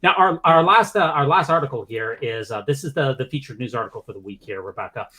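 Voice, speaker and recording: A man's voice: mid-range voice, animated, fast talker, sharp tone. A man hosting a podcast, reading news articles aloud with casual commentary, often stumbling and repeating words. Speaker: podcast host.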